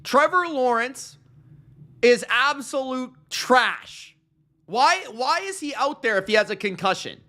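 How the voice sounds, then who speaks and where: Guy ranting football on his podcast, slow drawl, sarcastic and fed up, bright edgy tone. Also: very high-pitched, lively intonation. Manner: exasperated, sarcastic, slangy. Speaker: podcast host. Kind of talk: ranting sports commentary.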